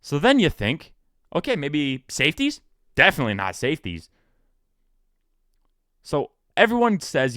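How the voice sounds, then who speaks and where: A man's voice: moderate pace, pauses often, dry recording, clean studio sound. A man in his twenties hosting a solo sports podcast, talking casually and joking. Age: 20s. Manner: animated, joking, pitch jumps for emphasis. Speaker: podcast host.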